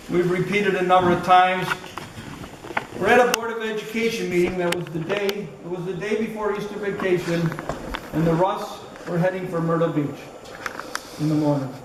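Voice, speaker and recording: An older man delivering a fond funeral eulogy in a high voice. He is picked up from a distance in a large echoey hall with steady noise. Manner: storytelling, fond, chuckling. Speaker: eulogist, former school colleague.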